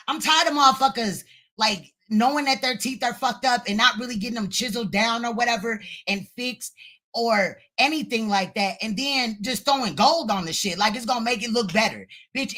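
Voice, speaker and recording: A woman's voice: fairly high pitch, fairly bright tone. A woman hosting a livestream, ranting with profane, insulting retorts. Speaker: live stream host. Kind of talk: heated reaction livestream.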